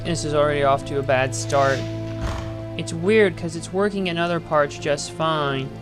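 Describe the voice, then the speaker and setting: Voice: mid-range voice, moderate pace, over music. A game streamer giving casual, profane commentary while getting frustrated with the controls. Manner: frustrated, swearing, ranting at the game.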